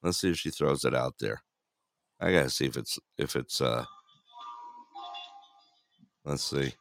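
A man's voice: rumbling low, a little slow, gravelly, a bit bright, no room sound, soft background music. A man hosting a casual talk show, upbeat, greeting callers and laughing often. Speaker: host. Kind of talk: casual talk radio chat.

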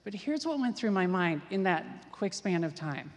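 A woman preacher from Ohio tells a story from the pulpit in a lively, self-deprecating way, dropping quick asides as she goes. Her mid-range voice carries a long hall reverb, as if from a large sanctuary. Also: medium pitch. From Ohio, USA. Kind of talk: sermon storytelling.

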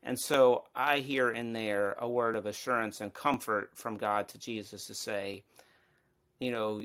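A man's voice: on the low side, fairly even intonation, a little slow, fairly bright tone. Man thinking aloud in a Bible study. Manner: thinks aloud with restarts and hedges. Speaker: study participant.

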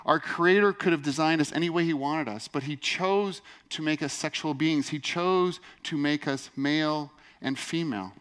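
An earnest male pastor preaching in a chatty, storytelling way. His voice sits a little high for a man. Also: moderate pace, few pauses, a bit bright, clean tone. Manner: earnest, conversational, frequent "and so anyways". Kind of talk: sermon with personal storytelling.

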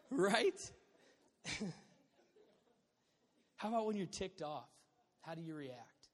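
A male pastor preaches with a high, bright voice that swings from quiet asides to loud bursts. His delivery is lively and humorous. The sound rings with the long reverb of a large church sanctuary. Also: drawn-out words, long pauses. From Southern California. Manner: animated, joking preacher with sudden loud bursts. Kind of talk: sermon.

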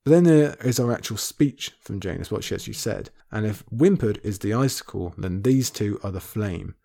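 A man's voice: lowish voice, moderate pace, creaky, warm tone. A man hosting a podcast and discussing a book, earnest and impassioned, close to tears. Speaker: podcast host.

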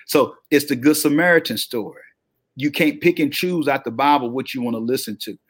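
A man with a heavy Southern drawl, a podcast guest speaking in an energetic, motivational, preacher-like cadence. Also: medium pitch, brisk, no echo. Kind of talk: motivational interview talk.

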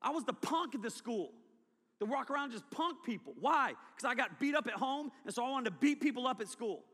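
A man preaching a testimony sermon, telling his story with animated delivery. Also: very high voice, brisk. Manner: animated storytelling, acting out past self. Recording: long hall reverb.

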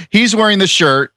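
A man on a podcast panel telling a rambling, profane story in a casual, animated way. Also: sits high, dry recording, studio quality. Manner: animated, swearing, storytelling with quoted voices.

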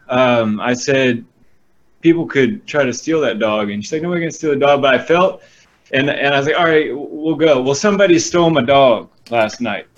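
A man telling a personal story in a casual, animated way, acting out the voices in it. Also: mid-range voice, highs cut off. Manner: animated, acts out quotes.

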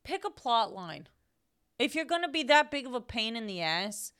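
A young woman co-hosting a casual podcast, speaking with a smooth, clear voice that sits slightly high in pitch. She rants bluntly and emphatically and swears often. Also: big pitch swings, moderate pace, a bit bright. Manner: blunt, emphatic ranting, profane. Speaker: podcast co-host. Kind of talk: casual chat.

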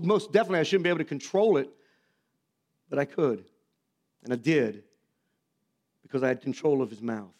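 A man preaches a sermon, telling homespun stories and poking fun at himself. His voice sits high for a man. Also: darkish tone. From Missouri. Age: 50s. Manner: folksy, self-mocking storytelling with acted quotes. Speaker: pastor.

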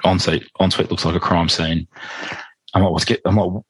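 An Australian man, a podcast guest, telling a personal story in a quick, animated way and acting out what others said. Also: sits low, breathy edge, low-quality recording. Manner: animated, quick, acts out quoted dialogue. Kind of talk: conversational storytelling.

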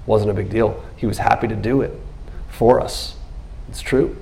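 Gravelly-voiced animated preaching man. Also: fairly low pitch, normal speed, slight background noise. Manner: animated preaching, acts out biblical scenes in quotes. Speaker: pastor. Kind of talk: sermon.

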